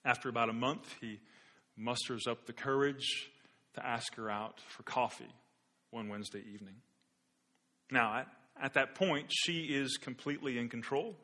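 A man's voice: medium pitch, normal speed, bright, forceful tone. A man preaching a sermon as a pastor, telling an illustrative story in an earnest way with occasional repeated words.

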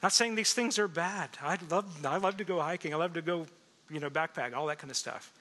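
A man preaching a sermon as pastor, lively, asking the congregation questions and laughing often. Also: on the high side, brisk. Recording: echoey hall reverb.

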